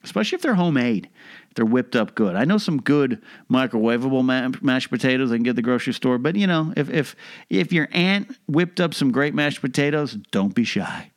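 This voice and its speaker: Young man, mid-pitch, comic monologue with deadpan-serious delivery and lively rhetorical asides. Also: brisk. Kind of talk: casual comedic monologue.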